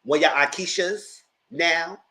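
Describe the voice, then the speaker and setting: A man hosting a casual TV review, talking in an animated, blunt way and swearing freely. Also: on the high side, slow pace, low-quality recording. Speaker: show recap host.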